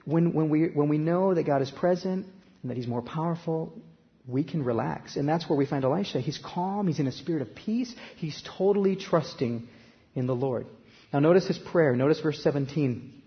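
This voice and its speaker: A man preaching a sermon in a conversational way, growing louder when he reads scripture aloud. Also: a little high, moderate pace, big-room sound, muffled recording. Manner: conversational preaching, rising loud for scripture quotes. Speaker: pastor.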